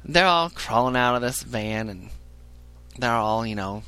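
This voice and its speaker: Animated, profane male comic storyteller. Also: mid-range voice, a little slow, clear, resonant tone. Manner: animated, profane, laughs at own jokes. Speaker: podcast storyteller.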